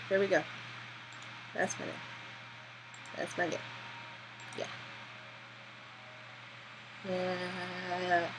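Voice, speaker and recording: A woman doing let's play commentary, jittery and excitable, swearing at her character, on a built-in laptop mic. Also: lowish voice, very noisy. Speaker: gamer.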